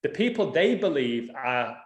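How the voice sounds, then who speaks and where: A man tells stories in a casual interview, slipping into the voices of people he argued with. His voice sits a little high for a man, and the room around him rings with echo. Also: unhurried. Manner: animated storyteller, acts out quarrels. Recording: echoey room.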